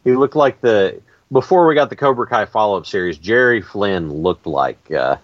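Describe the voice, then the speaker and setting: A man hosting a casual chat, telling stories with lively energy and frequent laughs. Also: on the low side, moderate pace, no echo, highs cut off. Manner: animated storytelling, laughs often.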